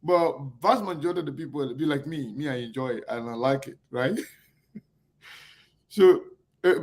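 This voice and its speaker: A man hosting an online talk show in casual chat, halting and repeating himself as he greets viewers. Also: fairly high pitch. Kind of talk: casual live-stream chat.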